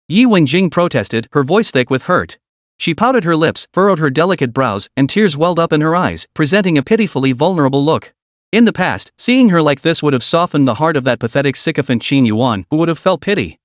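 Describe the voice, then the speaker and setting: A man narrating a scripted story with dramatic, lively storytelling. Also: fairly high pitch, brisk, no echo, studio quality.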